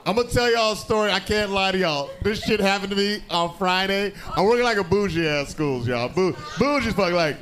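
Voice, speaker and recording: A man who is a comedian, telling stories loudly and profanely with frequent laughs on a live podcast in a bar. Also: high voice, animated, brisk, hardly any pauses. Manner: loud, profane, laughing often. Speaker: comedian guest. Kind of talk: live podcast banter and storytelling. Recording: loud background noise.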